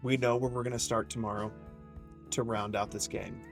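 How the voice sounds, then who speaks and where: A man's voice: on the low side, steady tone, moderate pace, gravelly, soft background music. A man casually commentating a live game stream, joking with chat and swearing freely. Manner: playful, profane, joking with chat.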